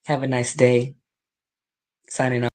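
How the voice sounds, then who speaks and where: A woman's voice: very deep voice, monotone, unhurried, a little mellow. A woman recording a defiant, emphatic video statement about her family. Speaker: niece speaking out.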